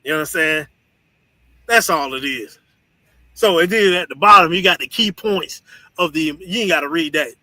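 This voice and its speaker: High bright-voiced man lecturing bluntly. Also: normal speed, long pauses, no room sound, low-quality recording. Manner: blunt, profane and scolding, laughs between points; asks "you understand?" often. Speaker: officer and teacher leading a group discussion. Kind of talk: preachy lecture to an online audience.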